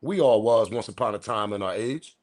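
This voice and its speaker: A man's voice: lowish voice, expressive, a little fast. A man hosting a live-stream commentary show, talking in incredulous, argumentative street slang. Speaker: commentary channel host.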